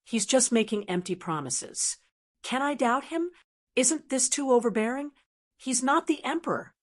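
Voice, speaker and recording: A woman's voice: high voice, animated, normal speed. A woman voicing a resentful male elder in an audiobook who sneers and scoffs at a rival. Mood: sneering.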